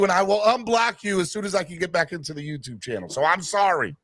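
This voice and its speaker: A man from North Carolina with a Southern accent, hosting a casual call-in sports chat, chummy and animated. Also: fast, hardly any pauses, no echo. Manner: animated, chummy, drifts from loud to low. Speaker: podcast host.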